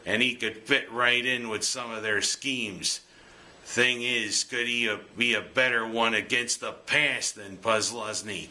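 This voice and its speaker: Slow-talking new guy doing football commentary, bright edgy voice, cracks puns. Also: mid-range voice. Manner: jokey, punning, breaks into goofy singing. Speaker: sports commentary host. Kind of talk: scripted sports commentary.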